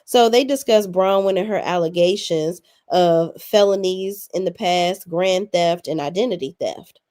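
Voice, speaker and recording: A woman's voice: fairly low pitch, measured pace, darkish tone. A young adult woman hosting a casual recap, blunt, sassy and full of swearing. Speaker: reality TV recap host.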